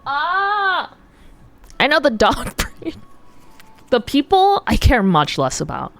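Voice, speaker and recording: A woman's voice: fairly high pitch, wildly swooping pitch, a little slow, gravelly. An American woman streaming, chatting casually with viewers, curious and playful, often laughing. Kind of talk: casual chat with viewers while drawing.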